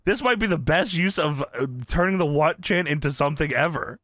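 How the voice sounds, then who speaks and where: An excitable young man recaps in casual chat, full of swearing. His voice is high, bright and lively in pitch. The sound is dry and close to the mic. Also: fairly quick, no room sound. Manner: excitable, swears and laughs often. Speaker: podcast co-host.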